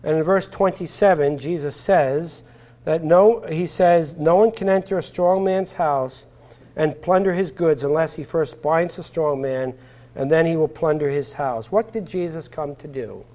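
A man's voice: on the high side, unhurried, dark tone. A man preaching a sermon, explaining scripture verse by verse with rhetorical questions and frequent filler words.

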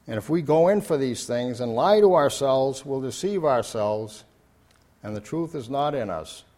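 A man's voice: medium pitch, expressive, normal speed, mellow. An older man preaching a sermon in an earnest, repetitive way, building to emphatic declarations.

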